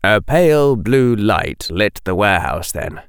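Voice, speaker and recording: A male narrator reading an audiobook at an unhurried pace. His storytelling is expressive, with lively pitch movement. The recording is dry and close. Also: gravelly, smooth, no room sound. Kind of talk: scripted narration.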